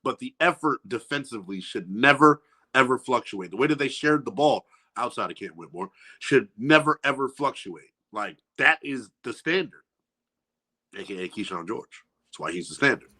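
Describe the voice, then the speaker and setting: A man's voice: medium pitch, lively intonation, normal speed, bright, forceful tone. A man appearing as a guest analyst on a sports podcast, talking in a casual, slangy and emphatic way from a studio.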